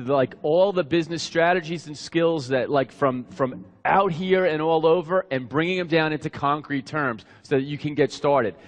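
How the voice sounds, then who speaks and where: A man introducing a speaker on stage, hyping him up and asking the audience questions. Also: on the high side. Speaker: event emcee. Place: large hall with a live audience. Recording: long hall reverb.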